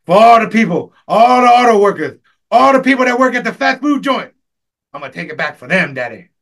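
A man putting on a loud, boastful wrestling promo voice, raspy and shouted. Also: sits high, sing-song, fairly quick, voice pushed up, full character voice. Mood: boastful, shouting.

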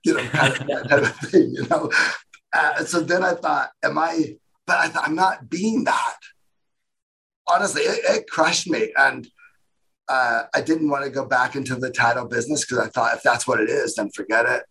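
A man, a guest in a casual interview, telling his story in a rambling, animated way and acting out what other people said. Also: mid-range voice, normal speed, gravelly, a little hiss or hum, low-quality recording. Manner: rambling, animated retelling with quoted voices.

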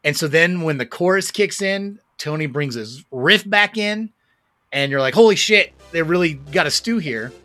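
Bright-voiced enthusiastic man, rambling. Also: fairly high pitch, animated, normal speed, no echo, soft background music. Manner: enthusiastic, rambling with fillers and restarts, swears freely. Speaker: podcast co-host. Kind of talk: casual chat about music.

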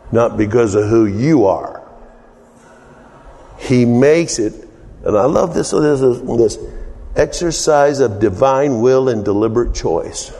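A man's voice: medium pitch, expressive, measured pace, dark tone. A man preaching a teaching sermon in a folksy way, joking with the congregation and often repeating words as he restarts. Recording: long reverb of a hall.

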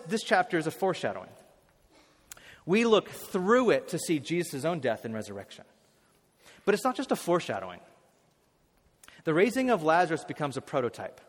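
A man preaching a sermon as a pastor, telling stories animatedly and swinging from hushed to loud. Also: on the high side, long reverb tail.

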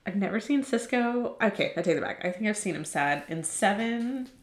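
A woman's voice: mid-range voice, animated, moderate pace, echoey room. A woman co-hosting a casual podcast, talking emotionally and laughing through her words. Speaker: podcast co-host. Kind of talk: casual chat.

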